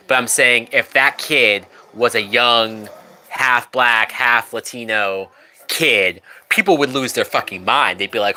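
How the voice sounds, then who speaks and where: His voice is lowish with a sharp tone as he casually talks over a film on a live stream. Drunk, loose, and foul-mouthed, he chats away and now and then reads viewer comments out loud.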